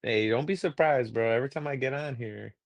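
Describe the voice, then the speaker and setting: A man's voice: mid-range voice, fairly quick, no room sound, dull audio. A man chatting as a guest on a comedy podcast, easygoing and joking, calling people bro. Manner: easygoing, says bro a lot. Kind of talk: casual comedy podcast chat.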